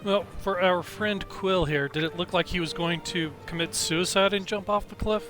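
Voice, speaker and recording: A man playing a tabletop game over voice chat, asking about the rules with hesitant fillers. His voice sits a little high and bright, with faint music under it. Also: moderate pace. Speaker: player.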